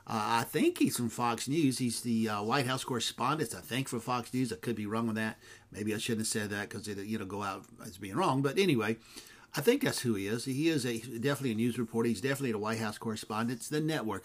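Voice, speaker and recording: Guy preaching, chatty and wandering, lots of uh's, gets loud then drops almost to a whisper. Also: medium pitch. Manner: conversational, digressive, with frequent fillers and asides; swings from loud emphasis to hushed, dropped lines. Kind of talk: sermon.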